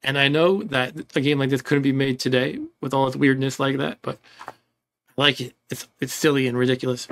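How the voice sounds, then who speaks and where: A man's voice: medium pitch, steady tone, a little fast, creaky, fairly bright tone. A man casually commenting on his own game playthrough, rambling along, chuckling now and then and reading game text aloud. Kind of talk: casual let's-play commentary.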